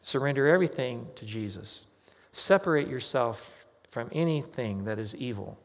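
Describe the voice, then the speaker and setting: A man preaches in a church, telling a story the way he would at a kitchen table and voicing each person he quotes. His voice sits in an ordinary middle pitch. A long reverb tail hangs after his words in a large hall. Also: expressive, moderate pace. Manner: conversational, anecdotal, acts out quoted dialogue. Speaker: pastor.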